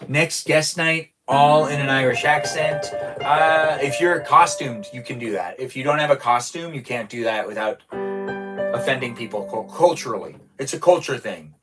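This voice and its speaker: A man talks to his viewers during a game stream, rambling from joke to joke with playful energy. His voice sits at an ordinary middle pitch. Music plays clearly behind him throughout. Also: moderate pace. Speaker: live streamer. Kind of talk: casual live-stream chat while gaming.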